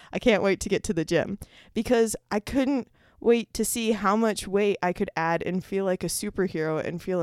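A young woman hosting her own podcast, talking casually in an animated, chatty way with laughs and restarts. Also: fairly low pitch, clean tone, no room sound, studio quality. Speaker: podcast host. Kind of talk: casual solo podcast talk.

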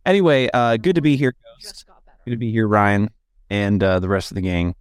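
A man's voice: lowish voice, moderate pace, smooth, no room sound. Joking man on a video call. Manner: joking, crude, laughs often. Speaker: podcast guest. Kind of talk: casual banter on a video call.

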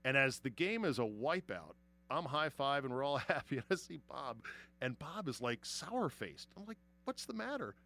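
A man hosting a casual sports chat who tells lively stories, swears freely and laughs often. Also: mid-range voice, moderate pace. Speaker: podcast host.

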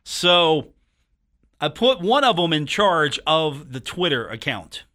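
A man's voice: on the high side, sing-song, takes it slowly, sharp tone. A man hosting a sports radio show in a studio, talking in a joking, teasing, rambling way. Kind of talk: casual sports talk radio monologue.

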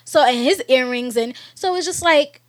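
A woman with a New York accent chats in a fairly high voice. She talks emphatically and teases. Her delivery is lively and opinionated. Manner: animated, emphatic, quick to tease. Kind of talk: casual chat.

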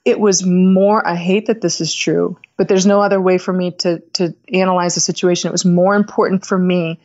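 A woman's voice: on the low side, little pitch movement, fairly quick, darkish tone, lo-fi sound. A middle-aged woman speaking as a podcast guest, reflective and candid, feeling her way through her thoughts. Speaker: podcast guest, company founder. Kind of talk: casual conversation.

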